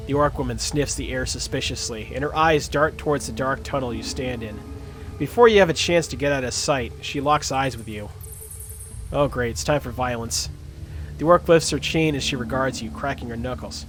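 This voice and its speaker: A man's voice: medium pitch, normal speed, fairly bright tone, faint music behind. A man running and narrating a tabletop game on a livestream, with self-mocking asides. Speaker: game master.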